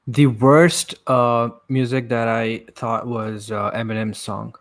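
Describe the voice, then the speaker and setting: A man co-hosting a casual chat about movies. He sounds relaxed and agreeable and uses many fillers. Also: mid-range voice, takes it slowly.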